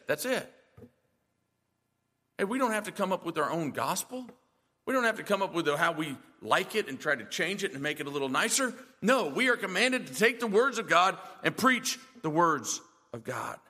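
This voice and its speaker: A man's voice: high voice, very animated, normal speed, pushed and bright, big-room sound. A male pastor preaching a sermon in a church, emphatic and full of rhetorical questions.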